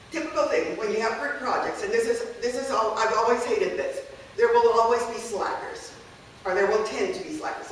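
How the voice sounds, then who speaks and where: A woman with a mid-range voice, a language teacher, leads a conversational workshop on classroom activities, checking in with the audience often. The recording catches her from a distance in an echoey room, with a little hiss or hum.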